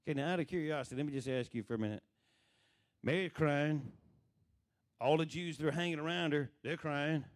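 A man delivers a conversational sermon, pausing to quiz the congregation directly. His speaking voice sits a little higher than most men's, and he acts out the voices he quotes. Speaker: preacher.

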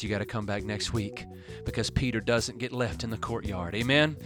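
A male pastor preaching a radio sermon, swinging from urgent pleading to hushed near-whispers. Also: lowish voice, a little fast, music in the background.

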